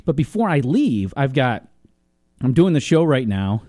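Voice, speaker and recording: A man's voice: mid-range voice, very animated, measured pace, mellow, no room sound. A young man hosting a talk radio show, chatting casually in a studio and laughing often.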